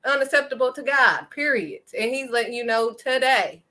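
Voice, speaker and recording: A woman's voice: on the high side, animated, normal speed, sharp tone. A woman giving an impassioned faith talk to her viewers, emphatic and preachy, driving points home with a firm "period.". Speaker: faith vlogger.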